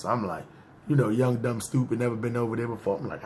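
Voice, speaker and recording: A man's voice: medium pitch, expressive, quick pace, slight background noise. A man, telling a personal story in slangy, casual talk and often checking "see what I'm saying". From New York. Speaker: podcast storyteller.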